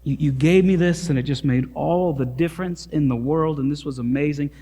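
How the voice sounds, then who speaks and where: A man's voice: on the high side, a little fast, warm tone, in a large hall. A preacher acting out a worried young businessman. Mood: eager. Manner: anxious, pleading.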